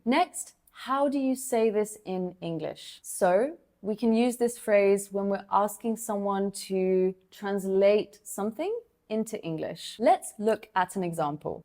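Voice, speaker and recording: A woman teacher walks through everyday English phrases at an unhurried pace. She explains each one plainly and patiently, in a scripted lesson voice. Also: mid-range voice, warm tone.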